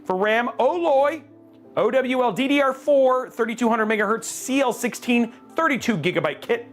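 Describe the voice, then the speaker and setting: Male streamer host, lively swinging pitch, mid-range voice, jokey and chatty, faint music behind. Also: moderate pace. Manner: animated, jokey, chatting with viewers. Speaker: host of a live PC-building stream. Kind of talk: casual live-stream chat while building.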